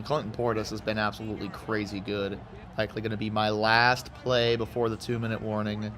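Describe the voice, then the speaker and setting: A man from Houston giving casual, rambling commentary as he plays a football video game, with excited outbursts and side chatter. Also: fairly low pitch, a little fast. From Houston, Texas. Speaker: gaming YouTuber.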